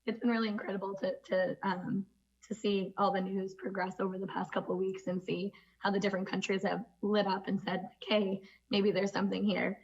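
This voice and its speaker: A woman moderating a conference panel, speaking in a measured, conversational way with frequent filler words. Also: mid-range voice, little pitch movement, highs cut off.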